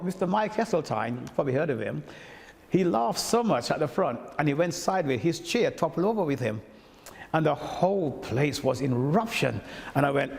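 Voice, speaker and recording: A man's voice: on the high side, moderate pace, vocal fry, in a large hall. An older man from Montserrat, a toastmaster telling stories and acting out the voices of the people in them. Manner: animated storyteller who acts out quoted speech. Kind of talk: anecdotal storytelling.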